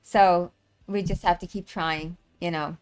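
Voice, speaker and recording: A low-pitched woman hosts a live stream in loose, casual talk. She rambles, restarts her sentences and fills the gaps with "um" and "you know.". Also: fairly even intonation, a little slow, clean tone, faint music behind. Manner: rambling, many fillers and restarts. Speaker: livestream host and tour organizer.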